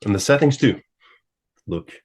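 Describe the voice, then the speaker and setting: Man, low voice, casual gear chat, halting, lots of fillers, video call. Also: expressive, darkish tone, breathy edge. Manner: halting, searches for words, many fillers. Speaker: guest guitarist.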